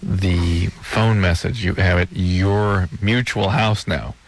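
A man co-hosts a radio talk show with a low voice. His humor is dry and teasing, and he delivers it deadpan. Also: takes it slowly. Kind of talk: casual radio banter.

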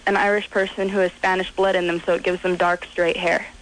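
A woman's voice: on the low side, flat delivery, fairly quick, slight background noise, rough recording. Chatty young woman radio caller. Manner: chatty, explanatory. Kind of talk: phone-in call.

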